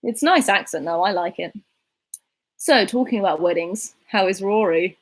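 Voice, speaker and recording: A woman's voice: mid-range voice, expressive, slow pace, pauses often, poor audio. A young woman from England with a southern English accent, chatting casually and rambling while she answers viewer questions, laughing often. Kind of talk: casual chat.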